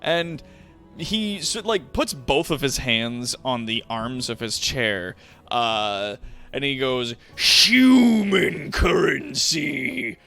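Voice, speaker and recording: A man narrating a tabletop game as game master, casual and quick to laugh. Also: mid-range voice, soft background music. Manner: laughing easily, lively and casual.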